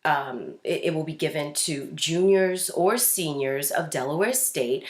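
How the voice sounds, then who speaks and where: A woman's voice: sits low, lively intonation, measured pace, reverberant. A woman hosting a casual news commentary show, talking in a chatty way with fillers and restarts. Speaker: host.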